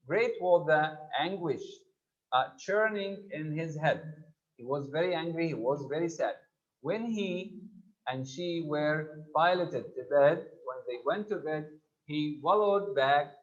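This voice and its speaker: A man with a somewhat high voice teaches a literature lesson, reading verse aloud and then restating each line in simpler words. He stumbles often, filling gaps with "uh" and correcting himself. The recording sounds dull and lo-fi. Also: fairly bright tone. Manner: hesitant, many fillers and self-corrections.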